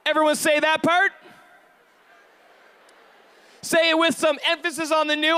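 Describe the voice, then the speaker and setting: A man giving a high-energy stage pep talk, rallying the crowd with call-and-response questions and shouted bursts of hype. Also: a little fast. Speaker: motivational event speaker.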